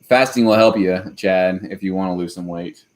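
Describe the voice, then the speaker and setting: A man's voice: low-pitched, normal speed, darkish tone. A man hosting a homesteading live stream, chatting casually and rambling with lots of hesitant fillers. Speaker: homesteading channel host.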